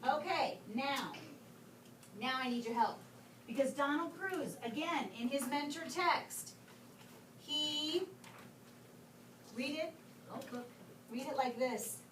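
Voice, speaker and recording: A woman teacher leads a writing lesson, coaxing pupils with question after question and sounding words out slowly. Her voice sits high and carries through an echoey classroom. A distant mic picks it up over steady background noise. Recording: roomy, distant, noisy classroom.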